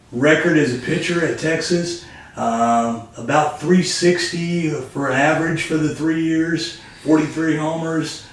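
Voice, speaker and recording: Podcast host guy, kinda high voice, far off the mic, really echoey. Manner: chatty, asks rambling questions with fillers. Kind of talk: casual interview. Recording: echoey room, distant from mic.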